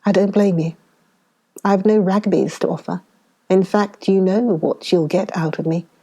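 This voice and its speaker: A woman reading the lines of an English gamekeeper, a man with a cool, dry, gently mocking tone. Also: mid-range voice, fairly even intonation, unhurried, husky. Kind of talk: audiobook dialogue reading.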